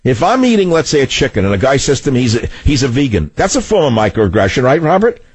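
A loud, combative man with a New York accent holds forth on a talk radio show, rambling from one grievance to the next. His voice is slightly husky and close on a dry studio mic. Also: mid-range voice, sing-song, fast talker, dry recording.

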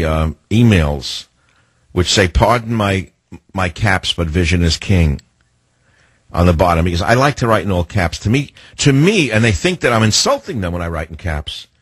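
Husky guy hosting late night talk radio, lowish voice, rambles on and hammers his points. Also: expressive, normal speed, no echo. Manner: rambling, emphatic monologue. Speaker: radio talk show host. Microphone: studio microphone.

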